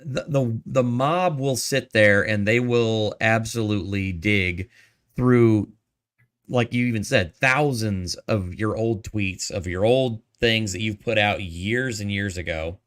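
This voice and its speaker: A man with a fairly low voice speaks as a guest on a video call. He talks casually but leans hard on his points, sounding exasperated. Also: slow pace, a bit bright. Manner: emphatic, exasperated opinions. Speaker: podcast guest. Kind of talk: casual chat.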